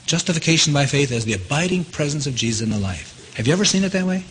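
A man preaching a sermon. He keeps asking his listeners questions and his voice leaps up in pitch to stress a point. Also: fast, slight background noise. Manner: animated, asks the audience questions, jumps high in pitch for emphasis. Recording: long hall reverb.

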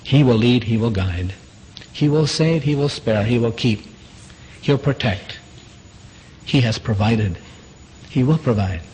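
An earnest male preacher delivers a sermon, circling back to the same phrases and firing rhetorical questions at the congregation. His voice sits at an ordinary middle pitch. A faint hiss runs under the recording. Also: expressive, measured pace, long pauses, darkish tone, low-quality recording.

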